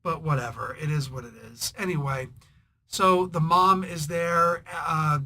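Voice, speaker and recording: Man, comic reviewer, higher voice, sharp tone, rambling, irritated, sarcastic asides. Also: measured pace. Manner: frequent restarts and throat clearing. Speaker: comic book reviewer and show host. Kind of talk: casual spoken review.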